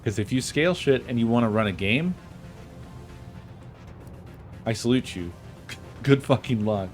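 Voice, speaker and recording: A man's voice: mid-range voice, animated, normal speed, soft background music. A man streaming a game, venting in a casual, frustrated way and swearing often; he says he is not feeling well. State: feeling unwell. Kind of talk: casual gaming stream chat.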